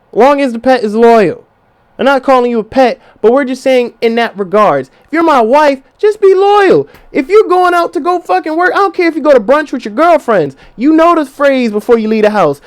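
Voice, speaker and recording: A man's voice: very high-pitched, smooth. A young adult man hosting a podcast, talking in a casual, profane monologue and acting out voices as he goes. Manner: profane, animated, acts out quoted voices. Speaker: podcast host.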